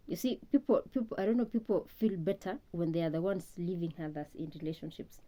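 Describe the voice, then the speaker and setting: A woman speaks in an earnest, reflective way, the kind of talk meant to help listeners heal. Her voice sits a little low and sounds deeply dark and mellow. She often stalls on a word and repeats it before carrying on. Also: fast talker. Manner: earnest, repeats words often while searching for them. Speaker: speaker on healing from loss.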